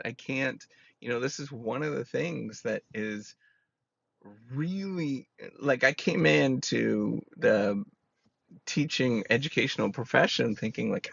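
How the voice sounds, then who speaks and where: A man's voice: mid-range voice, vocal fry, a bit bright, slightly rough, dry recording, highs cut off. A man, a professor, talking through his thoughts in an earnest, casual monologue and repeating words as he stresses a point.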